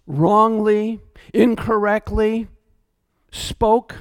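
A man preaching a sermon as pastor, emphatic, repeating key words and swinging between loud declarations and hushed asides. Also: high-pitched, steady tone, very slow, no room sound.

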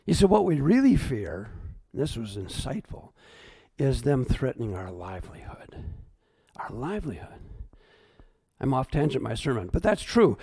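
A middle-aged pastor preaching a sermon, swinging between hushed, choked-up asides and raised, emphatic points. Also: male voice, medium pitch, expressive, normal speed, vocal fry, breathy edge. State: choked up at times.

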